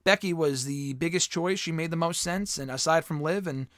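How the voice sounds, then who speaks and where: A man's voice: on the high side, moderate pace, a bit bright, no echo, clean studio sound. Opinionated man hosting a fan mailbag. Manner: opinionated, rambling with restarts and casual swearing. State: losing his voice. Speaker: host answering fan questions. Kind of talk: casual solo mailbag talk.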